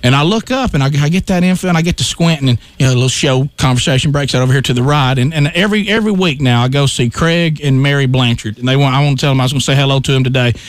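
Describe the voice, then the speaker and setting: A man hosting a talk radio show, telling an animated story and acting out his own shouts. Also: medium pitch, very fast, few pauses, dry recording.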